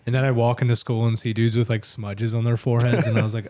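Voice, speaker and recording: A man's voice: medium pitch, level tone, fast, dark tone. A man hosting a podcast in casual chat, laughing often and joking around. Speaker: podcast host.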